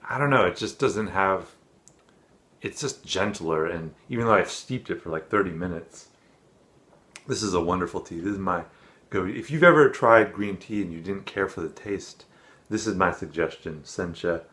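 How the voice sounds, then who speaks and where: A man's voice: low voice, normal speed, fairly bright tone. A man casually reviewing teas in a chatty, rambling vlog. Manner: rambling, self-deprecating, chatty. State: out of breath.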